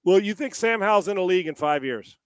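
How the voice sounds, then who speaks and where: A man talking sports in a loose, rambling way, piling up rhetorical questions one after another. His voice sits a touch high for a man and is recorded close and dry, with almost no room sound. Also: lively intonation, fast, smooth, no echo. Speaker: sports show co-host. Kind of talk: casual sports talk.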